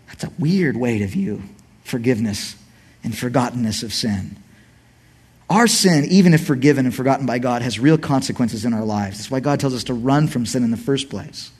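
A middle-aged man preaching a sermon in church, swinging from quiet asides to shouted emphasis. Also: mid-range voice, moderate pace, husky. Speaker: pastor.

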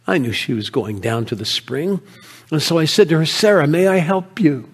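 An actor performs a first-person monologue as a grieving, proud male shepherd of ancient Bethlehem, telling his story with feeling and often dropping into hushed tones. His fairly high, expressive voice is slightly rough, moves at normal speed, and carries an earnest mood.

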